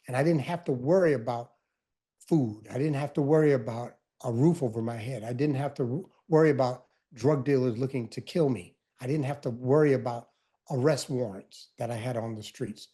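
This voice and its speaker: Middle-aged male guest, mellow timbre, earnest unhurried storyteller. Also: mid-range voice. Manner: reflective, earnest, unhurried with emphatic stresses. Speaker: guest, author and speaker. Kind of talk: personal storytelling in conversation.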